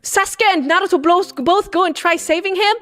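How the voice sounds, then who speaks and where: A woman streamer rambling through a comedic plot recap, excitable and bursting into shouts. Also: extremely high pitch, a little fast.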